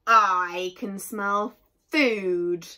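A woman voicing a big, hungry, greedy male bear in a storybook reading, speaking slowly and loudly. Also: mid-range voice, animated. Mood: booming.

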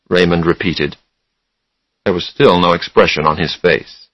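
Slow, deliberate male storyteller. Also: deep voice, steady tone, a bit bright, no echo, rough recording. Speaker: narrator. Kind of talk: scripted storybook narration for English learners.

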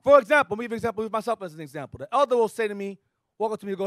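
High-voiced joking preacher man. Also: very fast, dry recording, clean studio sound. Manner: animated, joking storyteller. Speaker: church leader. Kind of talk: preaching to a men's gathering.

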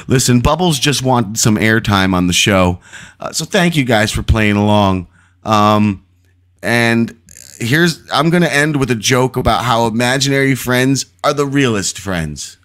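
Lively joking man on a podcast. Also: medium pitch, a little slow. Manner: joking, loose and profane. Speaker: podcast co-host. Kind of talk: casual chat.

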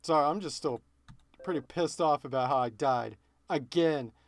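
A young man commentating his game session and getting frustrated, muttering and shouting in exasperation. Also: a little high, moderate pace. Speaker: gaming video host. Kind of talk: let's play commentary. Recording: loud game music behind.

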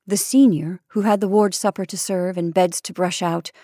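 A woman narrating an old short story in a measured, expressive reading. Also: fairly low pitch, no room sound, clean studio sound. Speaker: story reader. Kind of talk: scripted narration.

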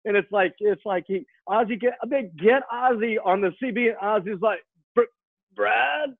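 Excitable man on a tinny phone line. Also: high voice, brisk, no room sound. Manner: excitable, repeats words and restarts. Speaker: guest rock musician. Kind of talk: animated storytelling.

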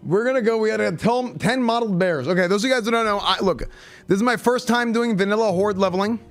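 A young man streaming a game, chatting excitably and rambling with lots of restarts. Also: high-pitched, quick pace, faint music behind. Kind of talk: casual live-stream chat.

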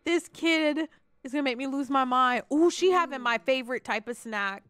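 A woman giving casual gameplay commentary, excitable and quick to squeal and swear. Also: high-pitched, smooth, no room sound. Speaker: gaming channel host.

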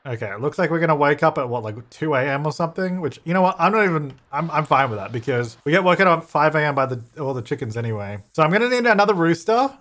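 A man's voice: medium pitch, a bit bright. A young man giving casual gameplay commentary, chatty, laughing often and talking back to the characters on screen. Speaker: gaming YouTuber.

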